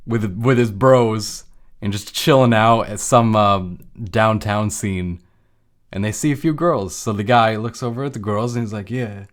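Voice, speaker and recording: A man giving a casual explanatory talk on emotions, walking through made-up everyday examples in a conversational way. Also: lowish voice. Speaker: lecturer on emotions.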